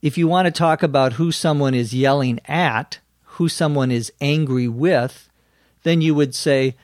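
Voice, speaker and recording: A man hosting an English lesson who explains phrases in a slow, careful, deliberate way. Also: fairly high pitch, a little mellow, no room sound, studio quality. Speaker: English teacher host.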